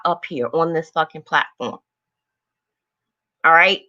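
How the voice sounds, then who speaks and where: An older woman with a bright, forceful voice rants bluntly at her livestream chat, swearing heavily. The audio is dull and lo-fi, like a muffled phone stream. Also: low voice, animated, unhurried, long pauses. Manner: blunt, heavily profane, greets viewers by name. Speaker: livestream host. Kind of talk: angry livestream rant to chat.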